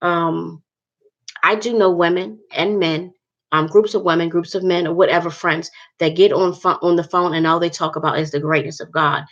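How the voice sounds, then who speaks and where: A woman's voice: fairly low pitch, steady tone, moderate pace, fairly bright tone, highs cut off. A woman vlogger talking earnestly to her viewers about faith, rambling and repeating herself.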